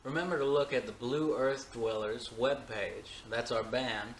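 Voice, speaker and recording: A man co-hosting a casual chat, laid-back and agreeable, musing slowly, in a room of an old house. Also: mid-range voice, a little hiss or hum. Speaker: co-host, band member. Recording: echoey room, faint ambience.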